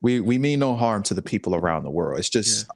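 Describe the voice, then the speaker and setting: Animated, rambling young man. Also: on the low side, brisk, creaky, no room sound, clean studio sound. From Southern United States. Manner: rambling storyteller, laughs often, acts out quotes. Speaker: podcast co-host. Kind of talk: casual chat.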